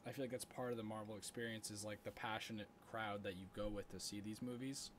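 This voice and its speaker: A man co-hosting a podcast in casual chat, animated and getting louder as he gets worked up. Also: lowish voice, quick pace, slight background noise. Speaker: podcast co-host.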